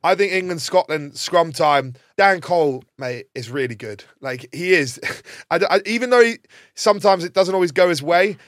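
A man's voice: a little high, normal speed, no room sound. A man, a former rugby player, talking as a studio guest, telling stories animatedly in casual banter. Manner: animated storytelling with laughs.

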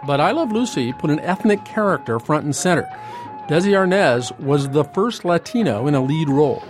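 A man's voice: fairly high pitch, animated, normal speed. American man narrating over music. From United States. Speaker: documentary narrator. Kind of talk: scripted narration.

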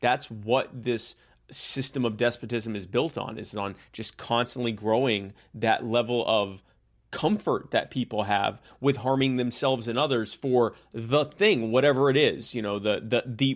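A man's voice: medium pitch, fairly even intonation, normal speed. A man hosting a casual podcast, making his point earnestly and often repeating words as he builds it. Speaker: podcast host.

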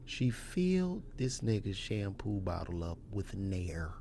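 Animated, profane male podcast storyteller. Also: slow, creaky, a little hiss or hum. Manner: animated storyteller, acts out voices with loud jumps in pitch, profane. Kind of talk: casual podcast chat.

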